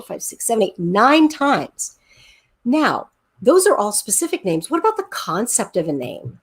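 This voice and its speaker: A woman teacher giving an enthusiastic, encouraging online class over a video call, counting aloud and tapping out rhythms. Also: fairly high pitch. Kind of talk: online class lesson, screen-sharing.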